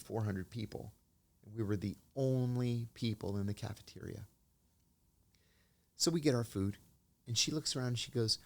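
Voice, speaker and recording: A middle-aged man, a former intelligence officer, telling measured anecdotes as an interview guest. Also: medium pitch. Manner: measured anecdotal storytelling, acts out quoted dialogue. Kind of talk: storytelling in an interview.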